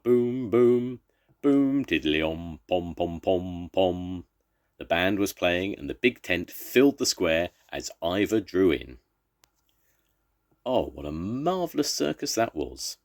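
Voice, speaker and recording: An older man, a grandfather, reading a children's story aloud in a gentle, expressive way. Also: lowish voice.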